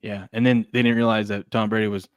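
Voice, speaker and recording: A man hosting a casual sports betting talk show, animated and joking, reading out chat comments. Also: on the low side, fast talker, clear, resonant tone, dry recording, studio quality.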